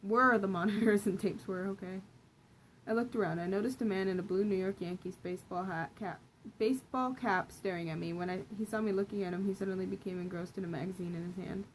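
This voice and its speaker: A young woman reads one of her old stories out loud in a relaxed, offhand way, stumbling and fixing words as she goes. Her voice sits at an ordinary middle pitch. A faint hiss runs underneath. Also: fast talker, few pauses, poor audio. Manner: self-correcting, laughs at her own writing. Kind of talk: casual reading aloud of a story.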